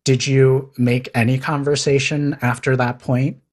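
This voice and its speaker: A man's voice: medium pitch, flat delivery, a little slow. A man interviewing a guest, asking short and curious follow-up questions. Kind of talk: casual interview.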